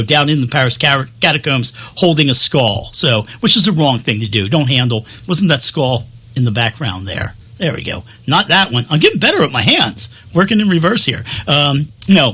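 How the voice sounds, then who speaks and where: Rambling, chatty man with a husky voice. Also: fairly high pitch, pushed and bright. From Philadelphia, USA. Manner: chatty, self-deprecating, frequent fillers and restarts. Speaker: music show host. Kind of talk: rambling casual to-camera talk.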